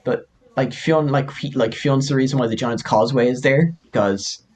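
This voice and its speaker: A young Irishman, telling old legends on a casual podcast. He is animated and profane, laughing often and swearing freely as he goes. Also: medium pitch, normal speed. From Ireland. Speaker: podcast co-host. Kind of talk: casual storytelling chat.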